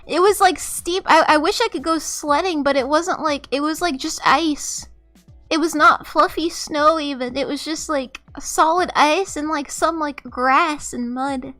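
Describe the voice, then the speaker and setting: High, bright young woman streamer. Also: unhurried, soft background music. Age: young adult. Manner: rambling, profane, exasperated, with frequent laughs. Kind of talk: casual storytelling on a live stream.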